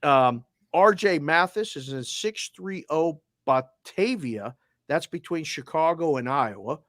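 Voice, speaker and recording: A man with a Boston accent hosting a sports talk show, running through listener names and places with energetic, casual shout-outs. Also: fairly high pitch, measured pace, dry recording, studio quality. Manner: energetic, shout-outs with area codes and towns. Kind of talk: roll call of listeners, casual.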